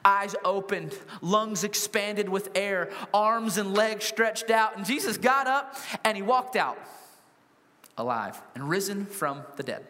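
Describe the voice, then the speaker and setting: A man preaching a sermon to a congregation, animated and humorous, full of rhetorical questions. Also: high-pitched, slow pace. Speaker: pastor. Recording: long hall reverb.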